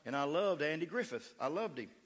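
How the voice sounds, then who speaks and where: A man's voice: fairly high pitch, expressive, fairly quick. Man, West Texas accent, pastor, emphatic sermon, reverberant church hall. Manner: fervent, emphatic preaching with crowd call-outs. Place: church sanctuary.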